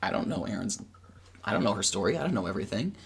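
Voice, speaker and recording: A man's voice: fairly low pitch, very animated, fast, creaky, husky. A man from the cast answering an interview question thoughtfully, rambling with many fillers. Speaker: cast member.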